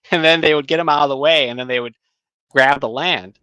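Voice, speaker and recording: A middle-aged man, a writing teacher, telling a story in casual conversation, halting with many fillers and restarts. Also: on the high side, bright, forceful tone, clear, resonant tone, dry recording, low-quality recording. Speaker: guest, creative writing teacher.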